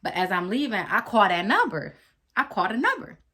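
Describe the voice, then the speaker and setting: A woman vlogger telling a personal story to her viewers in an animated, chatty way, acting out what people said. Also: mid-range voice, moderate pace, slightly rough. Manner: animated, talks straight to viewers, acts out quotes. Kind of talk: storytime vlog.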